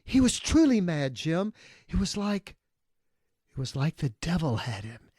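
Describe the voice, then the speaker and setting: A man's voice: on the high side, big pitch swings, a little slow, a little mellow, no room sound, studio quality. A man voicing a frightened, caring countrywoman who speaks breathlessly and pleads. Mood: shaken.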